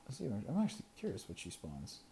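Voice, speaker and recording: Gravelly, lively gameplay mutterer. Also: medium pitch, fast talker, a little hiss or hum. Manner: muttering and counting to self, chuckling, sometimes whispering. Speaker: gameplay video creator. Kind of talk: casual gameplay commentary.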